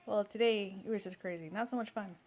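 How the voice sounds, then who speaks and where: A woman's voice: mid-range voice, quick pace, a little mellow, a little hiss or hum. A woman in her thirties telling a long everyday story in a casual vlog at home, rambling with many fillers and restarts. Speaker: vlogger.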